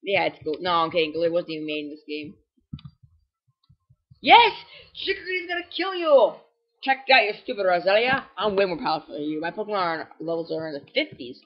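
A young man giving casual, rambling gameplay commentary, full of fillers and self-corrections, quick to get excitable, and prone to sudden voice cracks. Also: fairly high pitch, highs cut off. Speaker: game walkthrough commentator.

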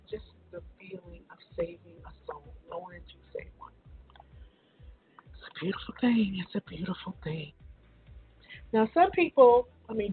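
A woman hosting a casual morning radio show, chatty and relaxed, with a raspy morning voice. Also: medium pitch. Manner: chatty, laughs easily, many fillers. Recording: phone-line internet radio.

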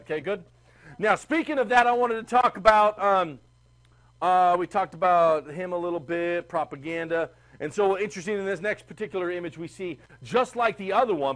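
Animated male teacher lecturing a class. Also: high voice, rough recording. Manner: animated, chatty, asks the class questions. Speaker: history teacher.

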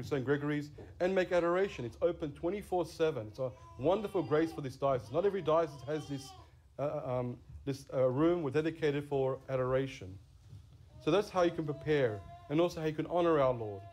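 Priest guy preaching, earnest, leans on key words, voice on the high side. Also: a little mellow. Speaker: Catholic priest. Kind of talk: sermon.

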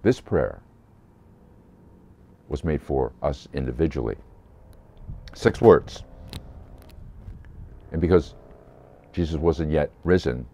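A low-voiced man preaches a brief sermon in a warm, relaxed tone. He tells the story earnestly and briefly voices the people he quotes. The sound is a little dull, like a modest lo-fi recording. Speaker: pastor. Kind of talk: short Easter sermon.

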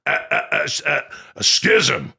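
A man's voice: fairly high pitch, sing-song, slow, gravelly, bright, forceful tone, husky, exaggerated voice. A man doing a comedic impression of a ranting middle-aged male conspiracy radio host, with a stammering, blustery delivery.

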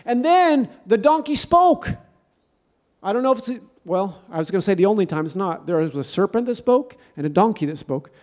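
Emphatic high-voiced male preacher. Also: very animated, normal speed. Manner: emphatic, repetitive, rising to shouted declarations. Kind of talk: sermon.

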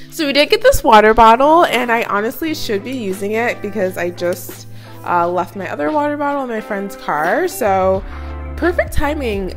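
A young woman in her twenties chatting casually in a vlog, full of fillers and quick laughs. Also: mid-range voice. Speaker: student vlogger.

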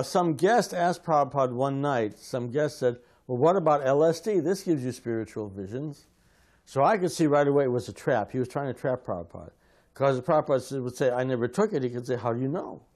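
Man telling vivid stories. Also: medium pitch. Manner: animated, acts out quoted voices. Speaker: devotee sharing memories. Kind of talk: anecdotal storytelling.

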